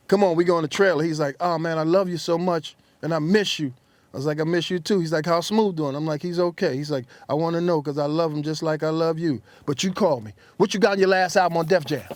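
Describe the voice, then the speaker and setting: A man's voice: fairly high pitch, quick pace, no echo. A middle-aged man, a rapper telling stories in an interview and acting out what others said. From New York. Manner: acts out quotes in lively voices. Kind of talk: animated storytelling.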